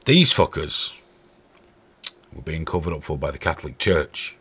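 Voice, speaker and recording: A man's voice: very deep voice, very animated, unhurried, a bit bright, husky. A man hosting a stream with angry, profane, sarcastic ranting commentary. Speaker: host.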